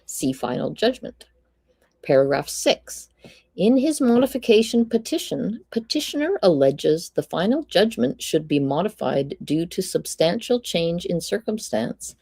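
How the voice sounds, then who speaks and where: Speaking unhurriedly, a woman with a fairly low, warm, slightly rough voice swings widely in pitch and slips into vocal fry, recorded without echo. She reads a court ruling aloud on a live stream, stopping at times to greet viewers in chat and make dry jokes.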